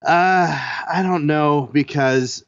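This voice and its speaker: A man's voice: on the high side, slow pace, clear, resonant tone, no echo. A man guesting on a gaming podcast, easygoing and hesitant, laughing often. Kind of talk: casual gaming chat. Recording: dull lo-fi mic.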